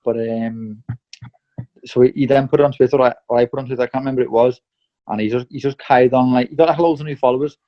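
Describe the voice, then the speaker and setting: Blunt, profane boxer, lo-fi. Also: male voice, mid-range voice, steady tone, fast. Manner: blunt and profane, with frequent "mate" and "lad". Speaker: professional boxer. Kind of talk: candid interview. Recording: slightly dull lo-fi audio.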